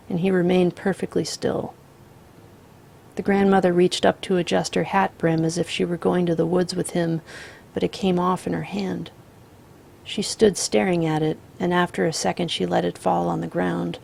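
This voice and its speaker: A woman reads a literary short story aloud in a measured, steady voice. Her tone sits low with a gravelly texture. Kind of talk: literary audiobook narration.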